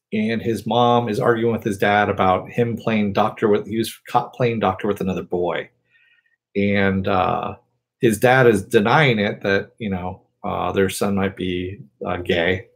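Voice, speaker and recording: Male reviewer, low husky voice, casual rambling episode recap. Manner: rambling, filler-heavy retelling. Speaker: TV review host.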